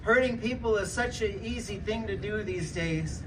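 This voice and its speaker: A man giving a heartfelt public speech of thanks at an airport welcome. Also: high-pitched. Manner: slow, heartfelt, speaks an Indigenous language before switching to English. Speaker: speaker at a welcome gathering. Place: airport arrival hall. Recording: distant voice with loud crowd noise.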